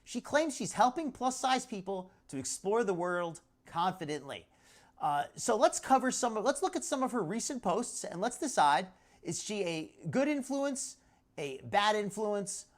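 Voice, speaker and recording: A woman hosting a live commentary stream, chatting loosely, laughing often and breaking off mid-sentence. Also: medium pitch. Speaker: livestream host. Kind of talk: live commentary on social media clips.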